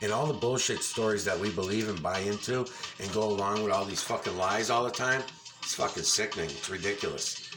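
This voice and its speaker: A man's voice: on the low side, fairly quick. A man giving a casual, ranting commentary over a video, insistent and full of swearing. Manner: angry, profane, ranting; insistent, repeats himself.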